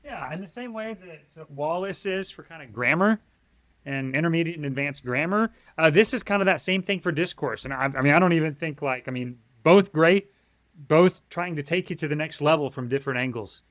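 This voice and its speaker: A man's voice: fairly high pitch, a bit bright, no echo. A man in his thirties, a Greek teacher, chatting casually and eagerly in an interview, with many fillers and bursts of speed. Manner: enthusiastic, talks fast in bursts with many fillers.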